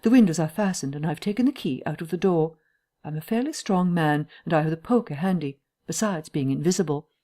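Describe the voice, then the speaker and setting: A woman's voice: low-pitched, a little fast, mellow. A woman voicing a cold, threatening invisible man in an audiobook. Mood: menacing.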